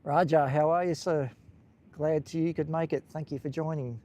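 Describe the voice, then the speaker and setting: A man with an Australian accent walks along a beach hosting a casual live stream, rambling to viewers as he talks into a handheld phone. His voice is on the high side and warm, with fairly even intonation and a moderate pace.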